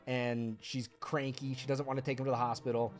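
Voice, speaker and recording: A man's voice: mid-range voice, level tone, a little fast. Man streamer, rambling storytelling, laughs a lot, faint game music behind. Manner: rambling, laughing, many fillers. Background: faint video game music.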